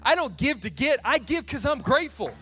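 High-voiced man preaching a sermon. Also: lively intonation, a little fast, bright, forceful tone, faint music behind. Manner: conversational, storytelling, laughs at himself. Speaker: pastor.

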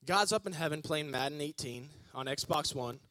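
A male preacher giving an energetic, joking sermon and calling on the congregation to respond. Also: on the high side, normal speed, no echo. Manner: energetic, joking, calls on the audience.

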